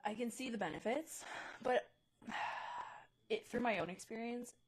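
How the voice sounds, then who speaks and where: A woman's voice: fairly high pitch, moderate pace, poor audio. A young woman co-hosting a podcast, chatting candidly and expressively. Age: young adult. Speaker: podcast co-host. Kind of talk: casual chat.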